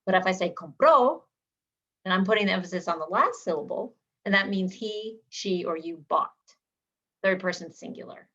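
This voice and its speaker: Woman, language teacher, low voice, slightly muffled recording, clear drilling. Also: bright, forceful tone. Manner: clear, deliberate drilling of word endings. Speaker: Spanish teacher. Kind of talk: language lesson. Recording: slightly dull lo-fi sound.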